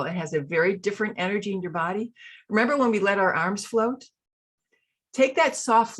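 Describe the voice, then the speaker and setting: A middle-aged woman with a slightly husky, lowish voice guides a group through an embodiment exercise. She speaks soothingly and draws out short mantras in a slow, steady rhythm, like a coach on a video call. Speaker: coach leading an online workshop.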